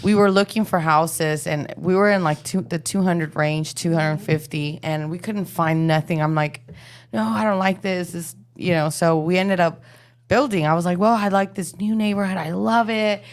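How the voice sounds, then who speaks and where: A woman's voice: on the low side, moderate pace. A woman with a Texan accent, co-hosting a podcast and telling stories in casual chat, acting out quotes with animation. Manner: animated storyteller, acts out quotes. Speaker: podcast co-host.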